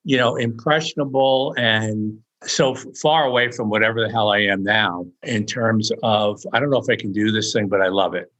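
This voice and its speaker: A man's voice: fairly low pitch, steady tone, normal speed, hardly any pauses, fairly bright tone, muffled recording. Older man telling rambling anecdotes. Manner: rambling, restarts often, chuckles through funny stories. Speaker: author guest. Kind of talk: casual anecdotal storytelling.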